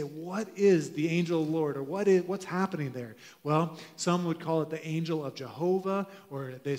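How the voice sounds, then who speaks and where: Earnest pastor preaching in a reverberant church. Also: male voice, on the high side. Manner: earnest, stretches key phrases slowly for emphasis. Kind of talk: sermon. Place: church sanctuary. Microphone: handheld microphone. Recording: long hall reverb of a church.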